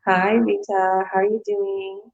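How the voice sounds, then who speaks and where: A woman's voice: mid-range voice, level tone, unhurried, gravelly, muffled recording. A woman hosting a casual online business chat, upbeat, encouraging and rambling as she talks. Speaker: host.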